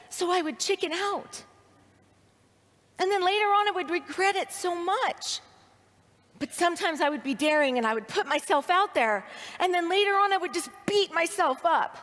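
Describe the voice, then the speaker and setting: At a leadership training event in a large hall, a woman tells a personal story to the audience, expressively voicing her inner thoughts. Her very high-pitched, somewhat bright voice is expressive and moves at a moderate pace, with reverberant hall sound.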